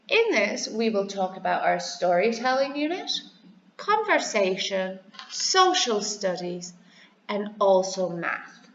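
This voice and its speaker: A woman teacher slowly giving a review lesson to young pupils, spelling each word letter by letter and asking them to repeat. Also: medium pitch, sing-song, dull audio, slight background noise. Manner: slow, clearly spelled out, letter by letter; encouraging, asks to repeat words. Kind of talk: recorded classroom review lesson. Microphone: computer microphone over slides.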